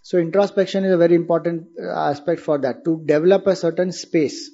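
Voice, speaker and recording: A man's voice: on the high side, fairly even intonation, fairly quick, creaky, warm tone, dull audio. A man with an Indian accent giving a spiritual discourse, explaining patiently and asking his listeners questions. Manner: explanatory, asks rhetorical questions. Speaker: spiritual teacher.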